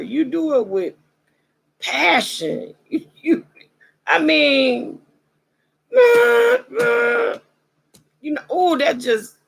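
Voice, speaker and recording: In her casual commentary monologue, a woman vlog host talks unhurriedly, preachy and roasting, using slangy phrasing. Her deeply gravelly, husky voice rises and falls a lot, and her throat sounds dry, as though she's losing her voice. The audio is poor.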